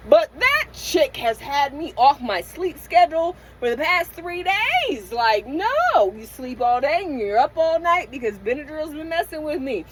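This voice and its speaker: A middle-aged woman talks straight into her phone from inside her van, her voice sitting a little high for a woman. She vents raw and profane, stumbling into restarts as her feelings pour out. A faint hum of noise sits behind her. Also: low-quality recording. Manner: raw, emotional, profane venting with many restarts. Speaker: van-life vlogger. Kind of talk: candid late-night vlog rant.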